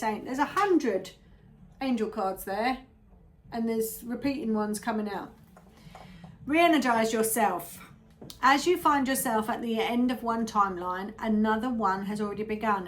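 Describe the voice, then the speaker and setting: A woman giving a casual tarot reading to her viewers, chatty and rambling, often drifting into little asides. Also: on the high side. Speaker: tarot reader.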